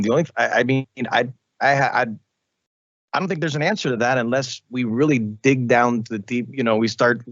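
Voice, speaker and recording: A man, a radio host, talking as a guest in a casual interview, animated, with frequent restarts and repetitions. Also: fairly low pitch, no room sound, muffled recording.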